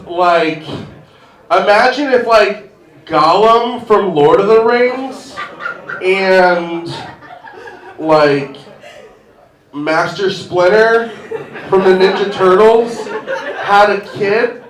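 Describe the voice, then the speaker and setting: On a pub stage before a live audience, a twenty-something comic rambles through self-deprecating material packed with "like." He speaks extremely slowly in a high voice, pausing often, and the distant mic catches laughter from the room.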